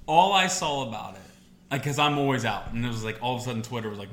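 A man's voice: medium pitch, fast talker, a bit bright. A man with a Midwestern American accent co-hosting a podcast in casual chat, telling stories animatedly and acting out the voices of the people he quotes. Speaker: podcast co-host. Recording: echoey room with faint background noise.

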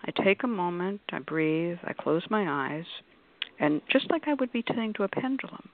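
Heard through a dry, tinny, phone-like line, this call-in radio panelist speaks at normal speed in a lowish, animated voice. She explains at length in a conversational way, acting out quoted voices as she gives examples.

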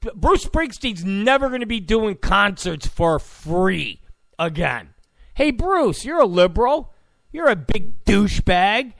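A man's voice: high-pitched, big pitch swings, measured pace, gravelly, a bit bright, no room sound, studio quality. A man delivering a sarcastic, mocking political rant in blunt, casual commentary.

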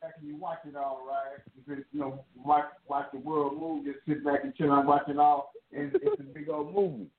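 A Bay man with a fairly high voice reminisces in a relaxed, reflective way. His voice sounds thin and tinny, like a phone call. He drifts slowly through his stories. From San Francisco Bay Area. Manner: laid-back, reflective storyteller. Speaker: round table guest. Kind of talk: casual chat.

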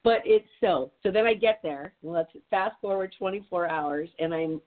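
Chatty woman, lowish voice, tinny line. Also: normal speed. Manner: chatty, rambling storyteller with lots of "like". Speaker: podcast host. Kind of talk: casual chat. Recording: tinny phone-like sound.

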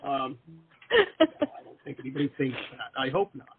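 A man's voice: mid-range voice, huge pitch swings, moderate pace. A chatty man from the United States hosting a casual video interview, rambling and joking as he talks. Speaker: interview host. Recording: tinny call audio with faint hiss.

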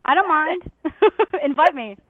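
A woman's voice: high-pitched, expressive, slow, dry recording. A young woman in her twenties hosting a radio call-in show, bubbly and gushing, laughing often. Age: 20s. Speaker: host. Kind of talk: casual radio call-in chat. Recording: dry, phone-like radio sound.

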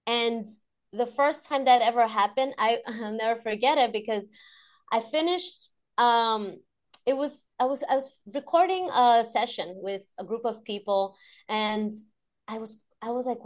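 A woman's voice: a little high, a little slow. A woman guest on a podcast, talking reflectively and emotionally about teaching mindfulness to children, laughing often. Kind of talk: conversational interview.

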